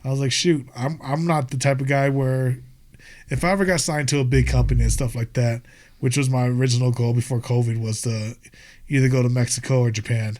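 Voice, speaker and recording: Young American man, podcast guest. Relaxed, rambling, swears freely, mid-range voice. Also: mid-range voice, a little fast. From United States. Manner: profane, laid-back, rambling. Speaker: podcast guest, skate filmer and wrestler. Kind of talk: casual podcast chat.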